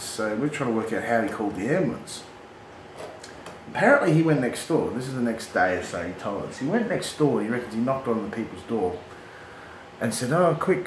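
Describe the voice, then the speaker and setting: Australian bloke, middle-aged, crude animated storyteller, echoey room with clear background noise. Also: male voice, medium pitch. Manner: swearing, animated, laughs at his own yarns. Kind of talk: casual storytelling.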